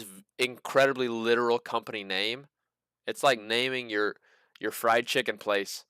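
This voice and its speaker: Stock video guy, casual joking commentary, smooth clear voice, dry sound. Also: medium pitch, bright, forceful tone, dry recording. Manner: joking, incredulous asides. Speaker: stock market video host.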